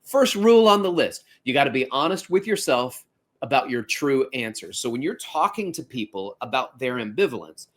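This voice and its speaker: A man in his forties hosting a fitness podcast, talking in a conversational, animated way with playful asides. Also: mid-range voice. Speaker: podcast host. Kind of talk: casual podcast monologue.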